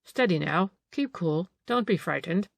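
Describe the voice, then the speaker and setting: A woman voicing a calm male police detective in an audiobook, pressing with questions. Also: fairly low pitch, unhurried, creaky, no echo, full character voice. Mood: probing. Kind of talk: audiobook character reading.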